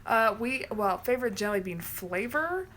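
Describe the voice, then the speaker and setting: A woman chatting casually on a home livestream, rambling and quick to laugh. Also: a little high, lively intonation, fairly bright tone, slight background noise. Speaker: livestream co-host. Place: home, indoors.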